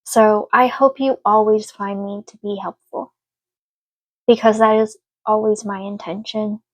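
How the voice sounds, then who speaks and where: A woman's voice: medium pitch, fairly even intonation, measured pace, no room sound. A woman giving a casual spoken tarot reading, earnest and emotional, speaking reassuringly to her listener. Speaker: tarot reader.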